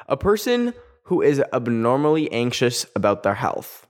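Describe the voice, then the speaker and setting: Young man from Canada, solo podcast host, chatty and easily sidetracked, mid pitch. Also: sing-song, takes it slowly, long pauses. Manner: rambling, chatty, self-mocking, easily sidetracked. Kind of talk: casual solo podcast chat.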